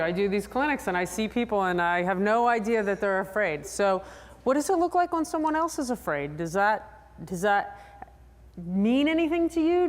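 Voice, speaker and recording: A woman psychologist giving a lively, chatty talk to a convention audience, drawing answers from the crowd. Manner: animated, chatty, acts out riders in high voices. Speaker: sports psychologist presenter. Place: large convention hall. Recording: long hall reverb.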